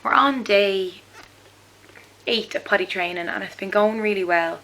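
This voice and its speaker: A woman's voice: mid-range voice, measured pace, a bit bright, rough recording. A woman, a mother, chatting in a rambling video diary with lots of fillers. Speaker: mother vlogger.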